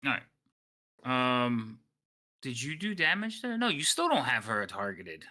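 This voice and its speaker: A man acting as game master in an online tabletop game, explaining rules quickly and laughing often. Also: medium pitch, big pitch swings, sharp tone.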